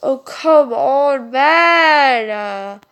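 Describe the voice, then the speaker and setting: A woman reads a story game aloud in a high voice, reacting expressively. She takes her time over the text. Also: very slow. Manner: expressive, reacts with laughs and exclamations. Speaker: gaming YouTuber.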